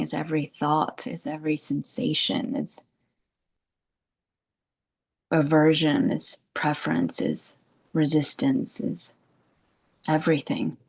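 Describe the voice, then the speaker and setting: Woman spiritual teacher, low voice, unhurried, meandering meditative talk with soft laughs. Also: vocal fry. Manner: soft, unhurried and meandering, with frequent "you know" and "like" and gentle laughs.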